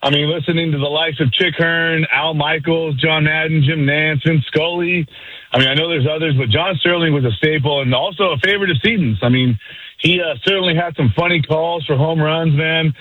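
A man's voice: fairly high pitch, no room sound. Hyped male caller on a muffled line. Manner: hyped, slangy, rapid-fire. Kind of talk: energetic call-in. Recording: muffled phone call.

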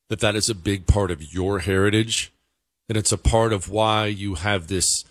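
A man hosts a casual commentary show, talking emphatically to his listeners. His voice is fairly low, and his pitch leaps up when he gets excited. The mic is close and dry. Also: dry recording.

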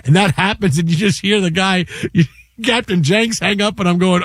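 A male sports show host telling a story in a casual, animated way, acting out what people said. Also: sits high, moderate pace, slightly rough, no room sound, clean studio sound. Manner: animated, acts out quotes.

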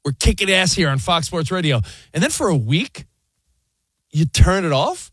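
A man co-hosting a sports talk radio show, thinking out loud in a chatty, conversational way. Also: fairly high pitch, very animated, normal speed, slightly rough, no room sound. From US East Coast. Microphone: studio microphone.

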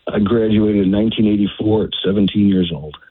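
A man, calling into a radio show and speaking haltingly with fillers and repeats. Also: on the low side, fairly even intonation, husky, dry recording. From Texas. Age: 50s. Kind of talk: phone-in conversation. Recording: tinny phone line.

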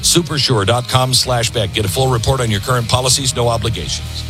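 A man's voice: mid-range voice, brisk, music in the background. A man hosting a political talk radio show, ranting sarcastically. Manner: sarcastic, ranting, mocking voices.

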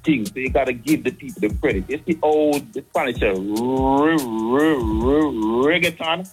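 Jamaican man, radio caller, patois-tinged and preachy, soft music bed underneath. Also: mid-range voice, a little slow. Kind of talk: heated call-in opinion.

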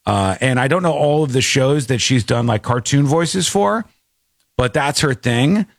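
A man's voice: medium pitch, animated, measured pace, creaky, no room sound, studio quality. A man hosting a talk show, chatting casually and rambling with frequent restarts. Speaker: show host. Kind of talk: casual commentary chat.

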